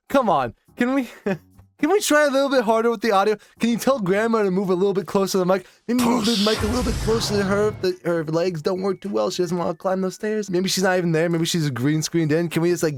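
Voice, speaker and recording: A man's voice: high-pitched, fast talker, faint music behind. A young man doing comedic reaction commentary, exasperated and sarcastic, swearing through his rants. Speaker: commentary YouTuber.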